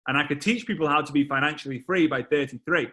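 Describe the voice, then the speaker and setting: Brief: energetic male speaker, 30s, motivational storytelling, bright and forceful, repeats lines for effect. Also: a little high, quick pace. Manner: animated, exclamatory, repeats phrases for effect. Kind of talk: motivational storytelling talk to a live online audience.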